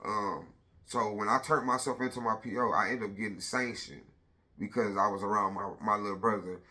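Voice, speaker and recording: A man's voice: on the low side, steady tone, brisk, sharp tone. A man in his thirties telling a personal story on a casual vlog, blunt and profane, retelling it with lots of energy.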